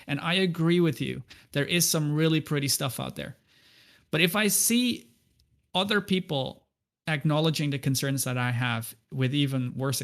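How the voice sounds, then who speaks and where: A man's voice: a little high, fairly bright tone. A man talking as a guest on a podcast. He speaks earnestly in a casual conversational way and often stumbles and repeats words as he restarts.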